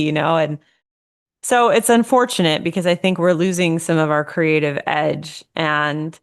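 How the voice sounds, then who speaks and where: Reflective low-voiced woman co-host. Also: normal speed, smooth. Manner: reflective, explains ideas at length, mimics voices for effect. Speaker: podcast co-host. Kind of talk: casual podcast chat.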